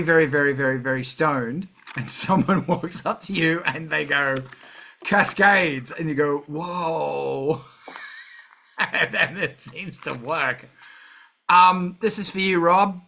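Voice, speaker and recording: A man's voice: on the high side, moderate pace, bright, forceful tone. A middle-aged man hosting a music livestream, talking casually and ranting with heavy swearing.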